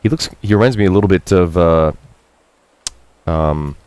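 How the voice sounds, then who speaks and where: A man streaming a Japanese game, reading out the characters' lines and translating them in a chatty, self-mocking way, jumping up in pitch to quote and dropping low for asides. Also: normal speed, a little mellow, smooth. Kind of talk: casual live-stream commentary.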